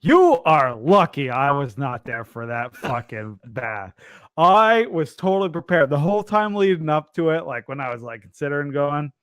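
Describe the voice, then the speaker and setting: A man's voice: a little high, sing-song, normal speed, hardly any pauses, fairly bright tone, clean tone, no echo, studio quality. A man co-hosting a gaming podcast, blunt and profane, teasing his friend in casual chat. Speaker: podcast co-host.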